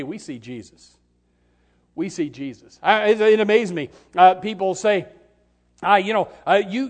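A middle-aged male pastor preaching a sermon, swinging from fervent shouts to soft, pleading appeals. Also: high-pitched.

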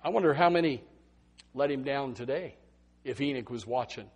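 A man preaching a Baptist sermon, swinging from loud emphatic bursts to hushed asides. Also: mid-range voice, moderate pace, breathy edge.

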